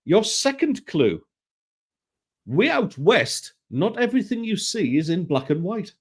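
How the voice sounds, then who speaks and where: Man host, slightly higher voice, teasing, casual. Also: big pitch swings, unhurried, husky. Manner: joking, teasing. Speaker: podcast host running a quiz. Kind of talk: casual podcast chat.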